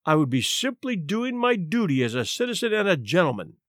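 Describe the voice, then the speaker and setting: A man's voice: sits high, very animated, moderate pace, a bit bright, no echo, clean studio sound. A man voicing a down-and-out man who talks with lofty, scornful dignity, in an audiobook story reading. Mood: disdainful. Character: smooth, haughty male park derelict.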